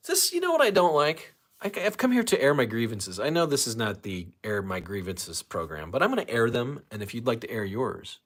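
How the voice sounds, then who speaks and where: A man's voice: mid-range voice, big pitch swings, a little fast, hardly any pauses, fairly bright tone. A man from St. Louis hosting a casual livestream, ranting with lots of swearing and reading chat comments. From St. Louis, USA. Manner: ranting, profane, reads chat aloud. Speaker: livestream host.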